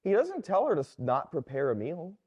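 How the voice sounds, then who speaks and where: Animated male priest preaching. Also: on the high side, fairly quick, slightly rough. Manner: conversational storytelling, animated. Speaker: Catholic priest. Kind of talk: sermon.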